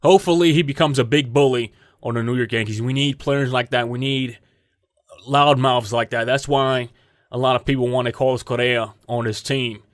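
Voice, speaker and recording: A man hosting a casual sports talk show, animated and mocking, breaking into laughter often. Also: medium pitch, normal speed, no echo, clean studio sound. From United States. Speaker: podcast host.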